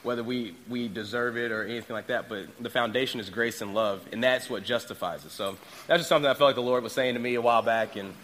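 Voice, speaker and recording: Relaxed man sharing a devotion, faint room noise. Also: mid-range voice, fast talker, hardly any pauses. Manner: conversational, loose with fillers. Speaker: church member sharing a devotion. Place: church.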